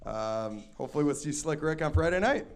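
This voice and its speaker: A man, a hockey coach, answering questions in a dry, deadpan way. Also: a little high, a little fast, vocal fry. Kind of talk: casual chat.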